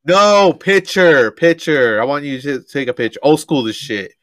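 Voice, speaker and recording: A young man rattles off stories in a loose, profane podcast chat, laughing often. His voice sits a little high. The sound is dry and close, with no room around it. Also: moderate pace, no echo. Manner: profane, laughing, animated storytelling. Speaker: podcast co-host. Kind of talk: casual chat.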